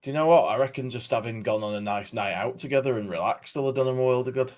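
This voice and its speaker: A man guesting on a casual football podcast, full of quick jokes. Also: mid-range voice, darkish tone. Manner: joking, quick quips.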